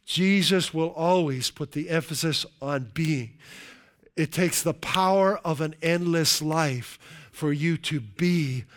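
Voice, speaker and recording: A man's voice: a little high, slow pace. A male pastor preaching a sermon, stressing and stretching key words and often checking in with "right?".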